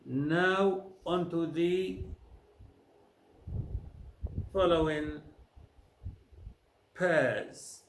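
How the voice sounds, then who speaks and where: A man teaching pronunciation, saying each word slowly and clearly, then repeating the whole list. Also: a little high. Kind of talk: slow drilled word lists. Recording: echoey room with faint noise.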